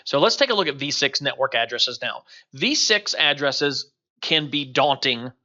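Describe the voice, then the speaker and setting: Bright-voiced man lecturing over slides. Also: medium pitch, animated, normal speed, lo-fi sound. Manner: rambling, with many fillers and restarts. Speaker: instructor.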